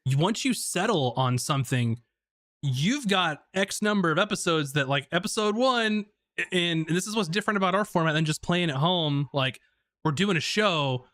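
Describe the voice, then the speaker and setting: Higher-voiced man, jokey and laughing. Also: expressive, moderate pace, a bit bright, dry recording. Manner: jokey, laughs often, self-deprecating. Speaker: podcast cast member. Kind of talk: casual chat.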